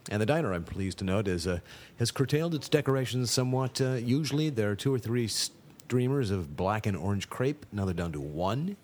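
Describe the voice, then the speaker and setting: A man's voice: on the low side, expressive, fairly quick, darkish tone, a little hiss or hum. A middle-aged man hosting a radio show, talking in a dry, wordy way full of wry humor and bad puns. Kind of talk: scripted comic radio monologue.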